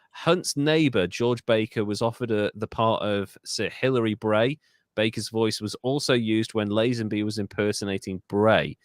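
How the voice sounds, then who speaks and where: A man's voice: lowish voice, no echo, studio quality. A man co-hosting a comedic history podcast, telling stories in casual chat, swearing freely and slipping into mock voices. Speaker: podcast co-host.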